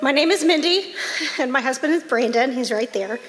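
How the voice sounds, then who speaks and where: A woman's voice: sits high, lively intonation, fairly quick. Lady telling her church story, kinda emotional, big echoey hall. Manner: emotional, heartfelt, casual. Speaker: church member giving testimony. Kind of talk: personal testimony.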